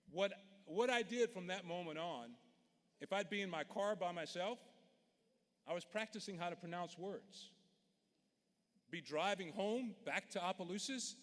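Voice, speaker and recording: A man's voice: high-pitched, fairly bright tone. Man in an arena. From Louisiana. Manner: folksy, earnest, direct. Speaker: commencement speaker. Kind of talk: commencement speech, storytelling. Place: large indoor arena. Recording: long reverb of a big arena.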